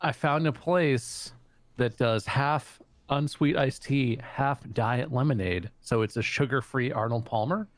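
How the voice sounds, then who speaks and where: A man's voice: medium pitch, a little slow, dry recording. A man co-hosting a casual gaming podcast, teasing his friends with crude jokes. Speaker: podcast co-host.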